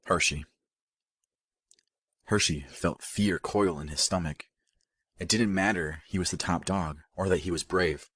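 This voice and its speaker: A man narrating an audiobook in a steady, even storytelling manner. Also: deep voice, measured pace, pauses often, no room sound, studio quality. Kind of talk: scripted narration.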